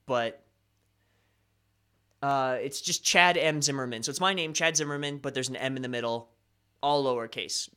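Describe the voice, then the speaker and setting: A man's voice: on the high side, sharp tone, clean tone. A young man hosting a casual live stream, chatting loosely and reading viewer comments with a self-deprecating, rambling manner.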